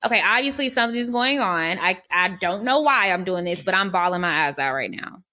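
A woman's voice: medium pitch, expressive, a little fast, sharp tone. A woman on a podcast talking openly and reflectively about herself. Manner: open, reflective, chatty. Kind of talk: casual chat.

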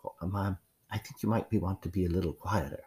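A man's voice: deep voice, fairly even intonation, fairly quick, a little mellow, close to an everyday voice. A man voicing a discreet, deferential butler who murmurs formally and hesitantly. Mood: hushed.

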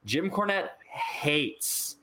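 A man co-hosting a podcast, ranting in an exasperated, fast way about a wrestling show. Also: on the high side, very animated, noisy background. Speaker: podcast co-host. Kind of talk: casual wrestling review chat.

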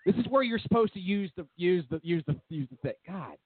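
A man hosts a talk radio show in a lively, up-and-down voice. He rambles with a wry edge and piles up fillers. The sound is dry and tinny, like a phone line. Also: high-pitched, fairly quick, breathy edge, no room sound. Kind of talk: casual political talk radio chat.

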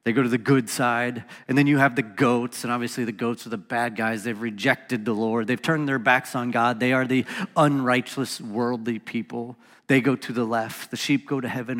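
A man's voice: mid-range voice, gravelly, a bit bright, in a large hall. A man hosting a reflective Bible study talk, reading scripture passages aloud in an earnest voice with casual asides. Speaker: podcast host teaching on scripture.

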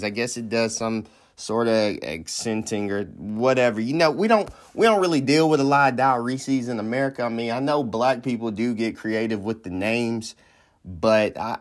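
A male podcast host riffing in loose comedic commentary. He rambles from point to point, throws in slangy asides and jokes, and speaks at a middling pitch in an easygoing way.

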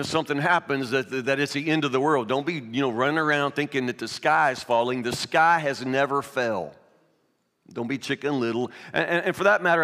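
A man's voice: medium pitch, a bit bright. A man preaching a sermon, first reading scripture aloud, then telling a children's fable in a loose, repetitive way. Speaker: pastor. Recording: long reverb of a hall.

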